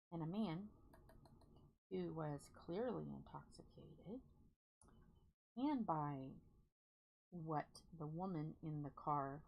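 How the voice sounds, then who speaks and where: A woman's voice: deep voice, gravelly, darkish tone, slight background noise, low-quality recording. A woman hosting a crafting livestream, telling candid, rambling stories to viewers in chat. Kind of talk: casual chat while crafting.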